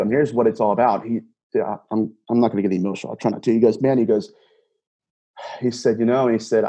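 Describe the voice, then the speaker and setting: A man being interviewed, retelling a personal encounter in an animated way, often restarting and repeating words. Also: on the low side, fast talker, slightly rough. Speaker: guest, paranormal investigator. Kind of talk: storytelling interview.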